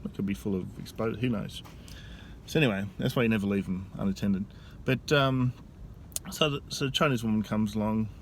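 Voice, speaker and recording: A man telling a story in a casual vlog, speaking into a phone camera outdoors in a busy tourist area. He talks in a rambling, halting way with frequent restarts. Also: fairly low pitch, a little hiss or hum. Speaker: vlogger.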